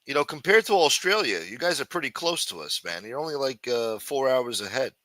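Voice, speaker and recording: A man hosting a casual livestream, greeting viewers with loud mock-preacher calls, crude banter and sing-song asides. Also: mid-range voice, very animated, fairly quick, dry recording. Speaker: livestream host. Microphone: desk microphone.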